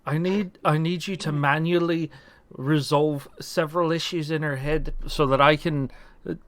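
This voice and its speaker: A man's voice: on the high side, fairly even intonation, moderate pace, fairly bright tone, dry recording, close to an everyday voice. Doctor O'Halloran, a man doing an Irish woman scientist. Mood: worried.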